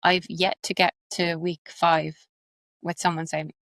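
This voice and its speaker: A woman with an Irish accent, an accent coach and actress, explaining her methods quickly and animatedly in an interview. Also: fairly low pitch, no room sound. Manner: fast, animated, explains with examples.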